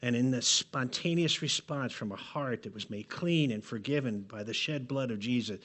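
A man preaching a sermon to his congregation, earnest and pleading, often letting his phrases drop to a soft close. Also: mid-range voice, normal speed. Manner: earnest, pleading, with dramatic drops in volume at phrase ends. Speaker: pastor. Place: church sanctuary.

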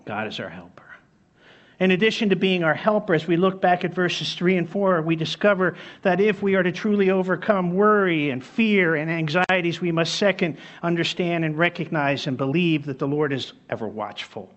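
A man's voice: sits high, fairly even intonation, normal speed, few pauses, fairly bright tone, highs cut off. A man preaching a sermon as pastor, emphatic, repeating key phrases and telling stories.

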